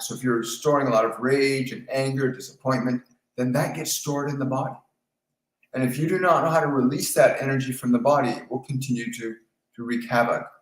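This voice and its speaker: A man hosting a live spiritual Q&A, talking in a calm, repetitive coaching tone. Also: mid-range voice, roomy sound, low-quality recording. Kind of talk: live-stream talk answering viewer questions.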